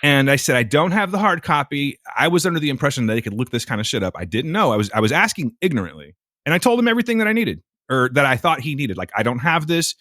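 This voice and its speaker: A medium-pitched man talks fast as he co-hosts a podcast, telling an animated story full of swearing and casual exasperation. The audio is dry and clean, studio-grade.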